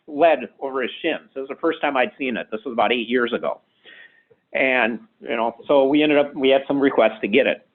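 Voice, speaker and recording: A man giving an informal medical lecture in a casual, conversational way, punctuated with frequent "okay"s. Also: a little high. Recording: tinny phone-like sound.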